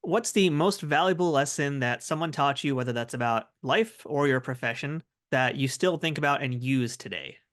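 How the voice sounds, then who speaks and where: An upbeat man hosts a podcast, putting questions to his guest in a friendly tone. When he wraps up the show, he delivers the sign-off in a brisk promotional manner at a medium pitch. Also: fairly bright tone. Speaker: podcast host. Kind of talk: interview and show outro.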